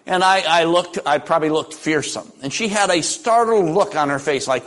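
A man's voice: fairly high pitch, animated, normal speed, hardly any pauses, fairly bright tone. An older man preaching a sermon, telling folksy stories with dry humor. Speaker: pastor.

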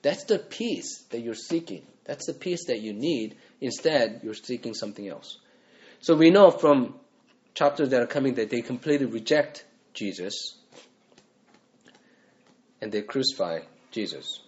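A man's voice: medium pitch, expressive, measured pace, darkish tone, dull audio. A man, a pastor, preaching a sermon in a conversational way, often asking the congregation rhetorical questions.

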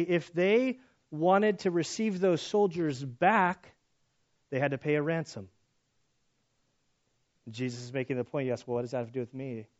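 Lively man teaching the Bible casually. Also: on the high side, muffled recording. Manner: conversational, animated, acts out voices in the story. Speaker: pastor.

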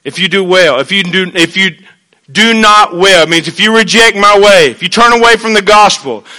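A man preaches in church, his voice high and bright. He drops to near-hushed asides, then climbs into loud, animated stretches. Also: normal speed. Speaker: pastor. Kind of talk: sermon.

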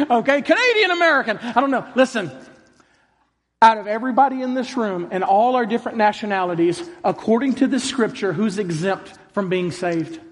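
High-voiced male preacher in a reverberant hall. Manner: emphatic, asks the crowd questions. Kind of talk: sermon. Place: large hall with congregation.

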